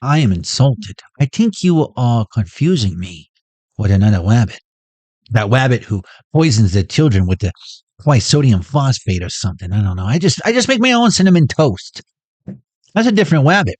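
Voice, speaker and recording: A man's voice: mid-range voice, very animated, moderate pace, darkish tone, no room sound. A smug cartoon rabbit, voiced by a man, speaks in a sly, unbothered drawl. He takes offense with exaggerated dignity. The sound is dry and close. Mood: mock-offended. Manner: mock-offended, smooth and sly.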